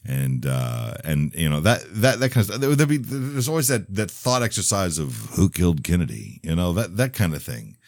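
Low-voiced man rambling on air. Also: very animated, moderate pace, few pauses, darkish tone, no echo, clean studio sound. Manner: rambling, with many restarts and asides; blunt and opinionated. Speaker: radio host. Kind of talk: casual monologue.

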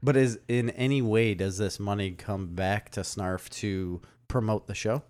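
A man co-hosting a casual podcast, chatty and quick to laugh along. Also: lowish voice, steady tone, a little mellow. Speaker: podcast co-host.

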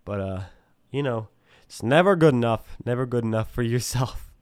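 A young man rambles through a casual monologue, running himself down and swearing freely. He leaps up in pitch to mock what other people might say. The sound is dry and close, with no room around it. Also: moderate pace, clean tone, no room sound. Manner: self-deprecating, animated, jumps up high for mock quotes, swears. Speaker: vlogger.

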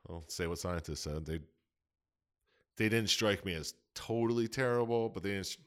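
Man, very deep voice, skeptical, blunt, swears, casual podcast. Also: moderate pace, smooth. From United States. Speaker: podcast co-host. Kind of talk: casual gaming podcast chat.

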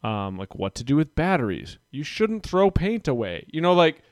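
A man's voice: on the high side, big pitch swings, normal speed, clear, resonant tone, no room sound, studio quality. A man chatting casually on a podcast, rambling and self-deprecating as he talks. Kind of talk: casual chat.

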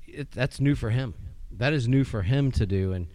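A man co-hosting a podcast on a porch, chatting casually and telling stories in a rambling, excitable way. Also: medium pitch, normal speed. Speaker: podcast co-host. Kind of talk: casual chat.

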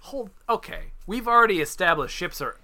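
Bright-voiced joking man, podcast co-host. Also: high voice, sing-song, normal speed. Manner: joking, argumentative, filler-heavy. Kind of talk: casual chat.

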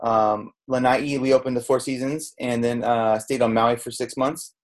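On a podcast microphone, a middle-aged chef from Southern California shares his story openly during a casual interview. He talks at normal speed with a steady, mid-range voice, wandering, restarting, and quoting what people said.

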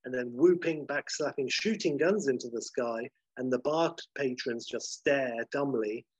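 A man's voice: medium pitch, a little slow, husky, no room sound. A man casually talking through a comedy scene, rambling with lots of "like" and "you know". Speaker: storyteller pitching a comedy scene. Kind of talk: casual spoken storytelling. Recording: slightly dull lo-fi recording.

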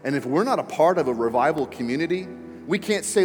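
A man's voice: a little high, expressive, quick pace. A man preaching a sermon as pastor, speaking earnestly and emphatically, often repeating words for stress. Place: church auditorium. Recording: long reverb in a large hall, faint music.

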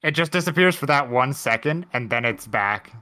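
A man's voice: mid-range voice, expressive, normal speed, sharp tone. A man hosting a casual podcast, dryly walking through details from his notes. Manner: dry, nerdy, explains details from notes. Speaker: podcast host. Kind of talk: casual chat.

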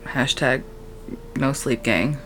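A woman's voice: very deep voice, slow pace, a bit bright, soft background music. A sleep-deprived young woman hosting a solo podcast, rambling casually with lots of fillers and trailing sentences. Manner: rambling, scatterbrained, valley-girl fillers. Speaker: podcast host. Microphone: podcast microphone.

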